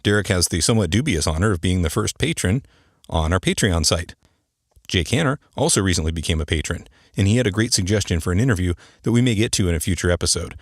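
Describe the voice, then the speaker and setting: A man in his thirties or older hosts his own podcast in a chatty, joking way. His voice sits low and he talks quickly. The sound is dry and close, with no room around it. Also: animated, no echo. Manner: chatty, joking, explains terms to listeners. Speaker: podcast host, air traffic controller. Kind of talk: casual podcast monologue.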